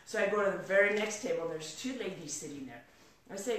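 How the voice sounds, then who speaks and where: A middle-aged woman giving a live motivational talk to an audience, an energetic storyteller who acts out quoted dialogue. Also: medium pitch, fast talker. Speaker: motivational speaker. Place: large room in front of an audience. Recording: echoey room from far off.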